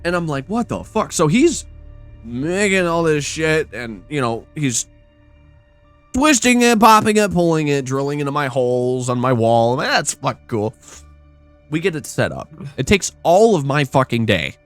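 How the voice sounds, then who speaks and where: Animated, profane ranting podcast host man. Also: fairly high pitch, normal speed, dry recording, soft background music. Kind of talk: casual ranting storytelling.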